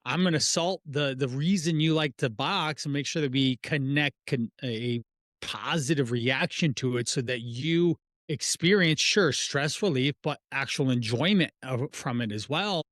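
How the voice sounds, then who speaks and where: A man's voice: mid-range voice, a little slow, a bit bright, no room sound, studio quality. A middle-aged man, a fitness and nutrition coach, talking casually on a podcast, rambling through analogies and rhetorical questions. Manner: rambling, restarts phrases, uses analogies and asks rhetorical questions.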